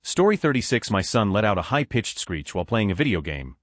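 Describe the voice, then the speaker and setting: A man's voice: on the low side, sing-song, a little fast, no echo, clean studio sound. A man narrating online posts as a series of numbered stories. He reads them straight through and voices the children's quotes in his own voice. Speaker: narrator of a story channel.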